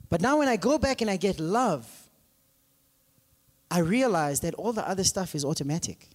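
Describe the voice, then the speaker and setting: A male pastor preaches in an animated, conversational way, often checking in with his listeners. His voice sits high and swings widely in pitch. It carries a long reverb, as if in a large hall. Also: a little fast. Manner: animated, asks congregation often, many fillers. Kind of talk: conversational sermon with stories.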